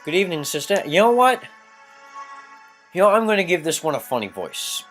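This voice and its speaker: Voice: medium pitch, sing-song, normal speed, a bit bright, faint music behind. Joking let's-play commentator. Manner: chatty, joking, swears at glitches. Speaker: gameplay video creator.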